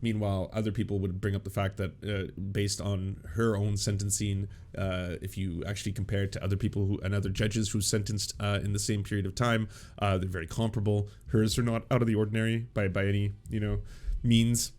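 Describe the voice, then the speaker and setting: A male host gives casual political commentary in a lowish voice. He is sarcastic and loose, and his talk is full of "uh"s and restarts. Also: little pitch movement, fairly quick, darkish tone. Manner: sarcastic, laughing, lots of filler.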